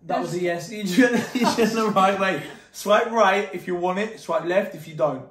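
A man vlogging in casual chat, excitable and quick to laugh and swear. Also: high voice, reverberant.

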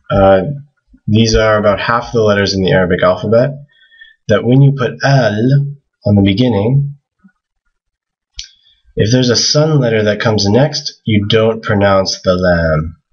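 A man with a very low, slightly husky voice explains a lesson in a relaxed, casual way, pausing on fillers and slowly repeating words to model them. The recording sounds dull and lo-fi. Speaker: language teacher.

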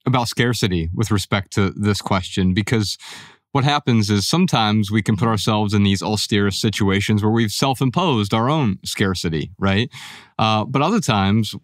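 A male podcast host with a lowish voice, reflecting aloud as he sets up a question for his guest. The sound is close and dry, with no room around it. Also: normal speed, no room sound. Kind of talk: interview question.

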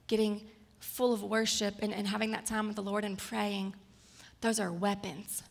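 A woman's voice: medium pitch, vocal fry. A woman in her thirties preaching a personal, story-filled sermon. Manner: personal, storytelling, gets emotional and tearful at times. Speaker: guest speaker.

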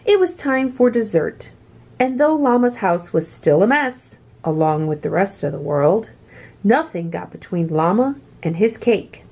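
A woman reading a children's picture book aloud with expressive, swooping delivery. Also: mid-range voice, a little slow. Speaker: children's story reader.

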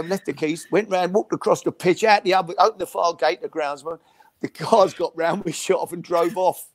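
A man's voice: high-pitched, moderate pace, dry recording. An older man, telling football anecdotes as a guest on a call-in interview and acting out the voices of others. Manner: lively storyteller acting out voices, chuckling. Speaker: guest, former football manager. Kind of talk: anecdotal storytelling. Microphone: video call.

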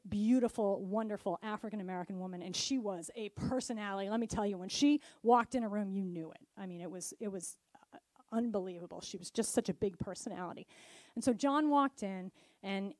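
A middle-aged woman pastor preaching a sermon, telling stories and swinging from loud emphatic lines to soft near-whispers. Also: a little high, dry recording.

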